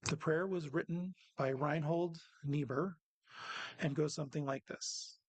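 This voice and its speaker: Man, gravelly and husky, earnest personal reflection at a worship service, dry close sound. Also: on the high side, steady tone, a little slow, dry recording. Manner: earnest, personal, self-deprecating. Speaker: lay speaker giving a reflection.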